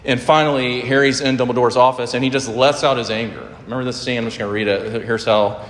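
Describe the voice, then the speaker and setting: A male pastor preaching a sermon and praying earnestly, often rising in pitch and loudness to stress a point. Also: fairly even intonation, fast talker, a little hiss or hum. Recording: echoey hall with long reverb.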